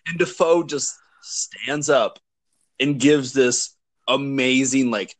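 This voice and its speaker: A man's voice: mid-range voice, slow, dry recording. A man co-hosting a podcast, chatting casually with enthusiasm, rambling with lots of fillers and swearing. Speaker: podcast co-host. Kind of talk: casual chat.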